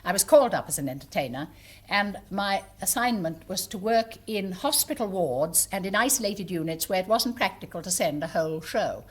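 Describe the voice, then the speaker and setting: Older woman entertainer, husky and lively, chatting to a theatre crowd. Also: fairly low pitch. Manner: chatty and amused, with small hesitations. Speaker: stage entertainer and monologue writer. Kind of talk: anecdotal stage talk. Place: live theatre before an audience.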